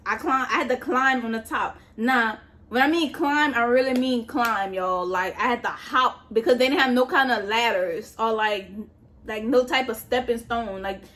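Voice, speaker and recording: Casual storytime vlog A woman tells her story in an animated, foul-mouthed way and keeps talking straight to her viewers. Her voice sits a little high for a woman, and she often drops into quieter, lower asides. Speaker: vlogger.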